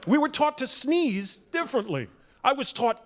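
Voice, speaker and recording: High-voiced wry stand-up comic. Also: male voice, sing-song, moderate pace. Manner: wry, punchy delivery with shouted impressions. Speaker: stand-up comedian. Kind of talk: stand-up comedy set. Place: comedy club stage.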